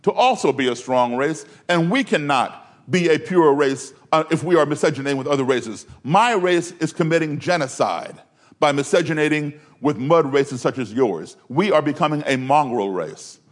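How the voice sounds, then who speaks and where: A man voicing an older male extremist leader who lectures in a stiffly polite, formal way, raising his voice higher than his own. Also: lively intonation, normal speed, close to an everyday voice. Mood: lecturing.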